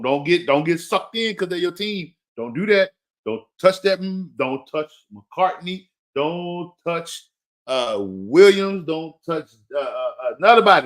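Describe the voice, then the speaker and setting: This fantasy football host, with a fairly high and slightly bright voice, launches into a loose, opinionated rant. He keeps pleading with a listener and hammering the same warnings, joking around and laughing at his own expense.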